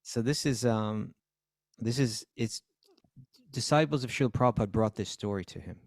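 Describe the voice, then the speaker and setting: A man with a low, gravelly voice chats with dry, teasing humor. The recording is close and dry, with no room sound. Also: moderate pace, no room sound. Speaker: podcast co-host. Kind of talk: casual chat.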